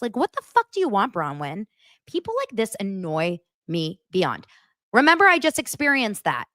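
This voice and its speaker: A woman's voice: mid-range voice, wildly swooping pitch, moderate pace, fairly bright tone, no room sound, clean studio sound. A woman hosting a podcast, recapping reality TV in a sarcastic, exasperated way. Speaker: podcast host.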